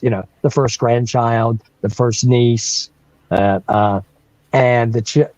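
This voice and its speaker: Animated older man telling a story. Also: mid-range voice, no echo, highs cut off. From North Carolina, USA. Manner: animated, laughing often, frequent restarts. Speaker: guest telling a personal story. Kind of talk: casual storytelling.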